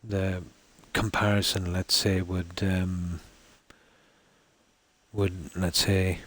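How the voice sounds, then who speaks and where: Irish Midlands man, low voice, laid-back rambling streamer chat. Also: level tone, extremely slow, fairly bright tone. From Ireland. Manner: rambling, many fillers and "let's say". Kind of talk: casual chat with viewers while gaming.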